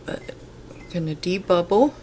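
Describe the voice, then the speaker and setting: A woman talking through home canning in her kitchen, stuffed up and congested, rambling in a relaxed, unhurried way. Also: on the low side, slight background noise. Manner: slow, unhurried, rambling explanations. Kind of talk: casual kitchen how-to chat. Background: kitchen clatter of pots and utensils.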